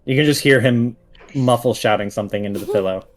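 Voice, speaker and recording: A man narrates a tabletop game as its game master, in a loose, chatty way with lots of fillers and the odd chuckle. His voice sits at an ordinary mid pitch. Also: quick pace. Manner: casual, chuckling storytelling with many fillers.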